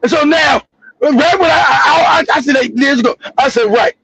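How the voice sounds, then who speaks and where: A man's voice: extremely high pitch, a little fast, gravelly, fairly bright tone, low-quality recording. A middle-aged man giving heated, profane commentary on a livestream, swearing freely and laughing at his own jokes.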